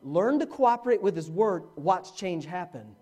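Animated preaching pastor man. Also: normal speed, highs cut off. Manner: animated preaching with dramatic swings in pitch and volume. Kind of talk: sermon. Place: church, live-streamed.

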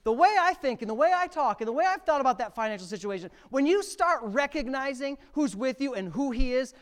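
A middle-aged male pastor preaching a sermon, swinging from quiet reading to near-shouted emphasis. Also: extremely high pitch, expressive, fairly quick. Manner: preaching with sudden loud rises to near shouting.

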